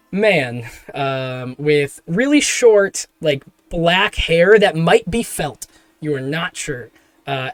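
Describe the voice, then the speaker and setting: A man's voice: a little high, no echo. A man narrating as game master of a tabletop game, describing scenes in a rambling way full of fillers.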